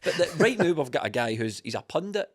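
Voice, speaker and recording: A man co-hosting a casual football podcast, trading mocking, animated banter. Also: a little high, fast, no room sound, studio quality. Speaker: podcast co-host.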